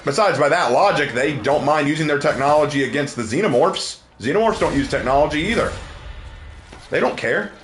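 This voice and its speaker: A man's voice: on the high side, animated, brisk, a bit bright. A man chatting casually on a gaming livestream, loose and jokey as he reacts to viewers.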